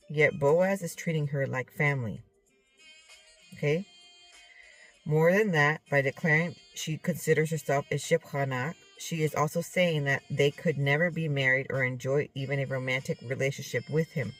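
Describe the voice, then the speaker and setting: A woman's voice: low-pitched, moderate pace, faint music behind. A woman teaching from scripture and retelling a dream in a rambling way, often checking in with "okay?" and correcting herself. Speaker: Bible teacher.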